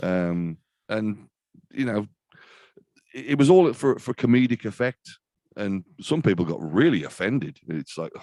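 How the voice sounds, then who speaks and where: A man's voice: on the low side, animated, measured pace, mellow, no echo. A man in his fifties, a death metal vocalist chatting as an interview guest, rambling and self-deprecating with many restarts. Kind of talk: casual interview chat.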